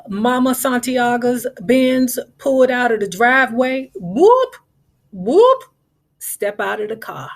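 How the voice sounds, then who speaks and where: A woman retelling a novel in a casual storytelling recap, chatty, with sassy asides to the listener. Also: on the high side. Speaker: book recap host.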